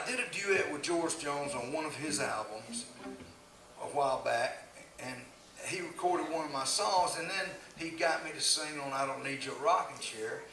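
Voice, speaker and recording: A man's voice: a little high, sharp tone. Older man, folksy storyteller, laughing, echoey distant live recording. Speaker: country singer telling stories on stage. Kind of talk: casual storytelling.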